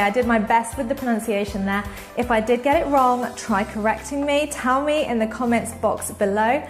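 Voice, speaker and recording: A woman teaching an online lesson, with clear, expressive delivery and sweeping intonation. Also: a little high. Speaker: English teacher.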